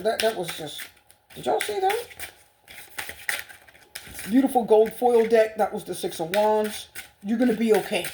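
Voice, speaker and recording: A woman's voice: medium pitch, mellow. A woman giving a tarot reading to viewers, gushing and repetitive with a spiritual bent. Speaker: tarot reader.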